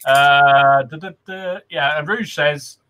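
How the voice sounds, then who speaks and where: Cheery bright-voiced man. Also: on the high side, takes it slowly. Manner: cheery, reads out viewer comments. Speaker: podcast host. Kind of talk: casual livestream chat.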